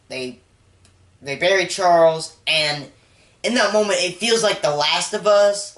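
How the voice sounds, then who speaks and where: Reviewer channel host, chatty recap with lots of filler, mid-pitched voice in an echoey room. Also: a bit bright. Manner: rambling, heavy use of "like", emotional about the story. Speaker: movie reviewer. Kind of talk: casual spoken film recap.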